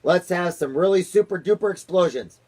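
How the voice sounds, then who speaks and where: A man voicing a blustering, trigger-happy male army general in a storybook, yelling. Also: high-pitched, normal speed, pitched above the performer's own voice. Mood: gung-ho. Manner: yelling, boyish.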